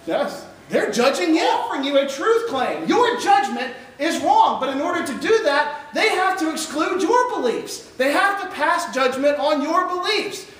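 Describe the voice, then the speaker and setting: A man giving an emphatic chapel talk to high school students, often putting questions to the audience. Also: sing-song, moderate pace, hardly any pauses, a bit bright. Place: large echoey chapel hall. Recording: echoey hall recorded from far off.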